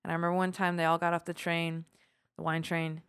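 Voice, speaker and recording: A woman co-hosting a casual podcast, telling animated stories with swearing and laughter. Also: fairly low pitch, quick pace, smooth, dry recording, clean studio sound. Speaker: podcast co-host. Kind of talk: casual chat.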